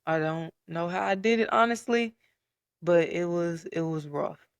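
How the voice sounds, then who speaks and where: A young man telling his personal story in a casual podcast chat, candid and soft-spoken, with frequent fillers. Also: on the high side, a little slow, clear, resonant tone, no room sound, clean studio sound. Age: young adult. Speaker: podcast guest.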